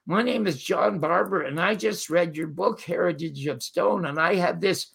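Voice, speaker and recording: An older man telling animated stories as a guest, quoting the people in them. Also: sits high, normal speed, vocal fry, husky. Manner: animated storyteller quoting others. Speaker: guest storyteller. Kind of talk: casual interview anecdotes.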